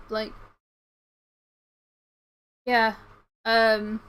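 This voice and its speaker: A woman's voice: on the high side, steady tone, normal speed, a bit bright, slight background noise, rough recording. A young woman, rambling through a story while livestreaming, with lots of fillers and restarts. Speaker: streamer.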